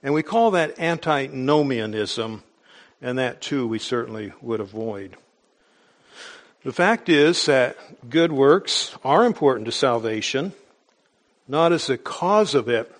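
A man preaching a sermon in a measured, explanatory way, with small restarts as he goes. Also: mid-range voice, lively intonation.

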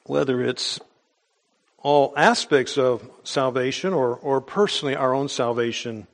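A man preaching a sermon in a measured, explanatory way, with small restarts as he goes. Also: mid-range voice.

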